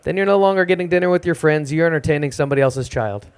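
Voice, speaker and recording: A young man doing a self-deprecating, deadpan stand-up set at an open mic in a small music club. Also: a little high, very fast, clear, resonant tone. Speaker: stand-up comedian.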